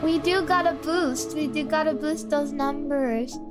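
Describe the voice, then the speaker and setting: Excitable young woman streamer with a high voice. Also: a little slow, loud music behind the voice. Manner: excitable, exclamatory, casual. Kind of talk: live music review stream.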